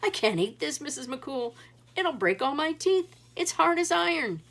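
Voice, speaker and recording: A woman voicing a huge, boastful, slow-witted male giant in a storybook reading, with a loud, high, strained voice. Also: huge pitch swings, slightly rough, exaggerated voice. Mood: startled.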